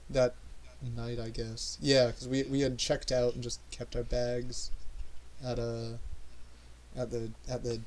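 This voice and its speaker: A man's voice: mid-range voice, monotone, takes it slowly, a little mellow, rough recording. A man chatting casually as a podcast co-host, rambling and trailing off with lots of fillers. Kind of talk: casual chat.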